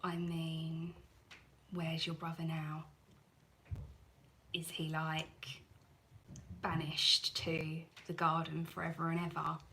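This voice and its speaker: A woman hosts a live stream about cleaning and chats with her viewers at a slow, unhurried pace. Her voice sounds bright and forceful. She rambles and pokes fun at herself. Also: sits low, completely flat delivery, a little hiss or hum, poor audio. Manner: chatty, rambling, self-deprecating. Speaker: cleaning channel host.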